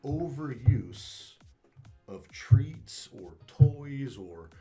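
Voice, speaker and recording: A man's voice: mid-range voice, animated, drawn-out words, warm tone, faint music behind. A man speaking as a dog trainer being interviewed, talking casually and emphatically, swearing and repeating words as he restarts.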